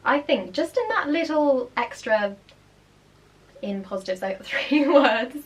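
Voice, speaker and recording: A woman's voice: high-pitched, slow pace. Young female teacher, chatty and explanatory, casual at-home commentary. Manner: chatty, explanatory, animated asides. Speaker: primary school teacher.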